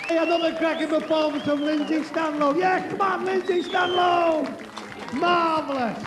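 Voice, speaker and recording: An actor playing an encouraging club compere in a soap opera. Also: male voice, very high-pitched, steady tone, moderate pace. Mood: hearty. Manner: hearty, encouraging. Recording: noisy club crowd.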